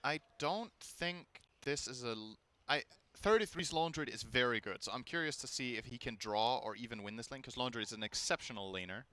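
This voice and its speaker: A man's voice: medium pitch, lively intonation, fairly quick, pushed and bright, clear, resonant tone. A man casting an esports match, methodically thinking aloud as he breaks down the draft picks. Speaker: esports caster. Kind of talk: analytical game commentary.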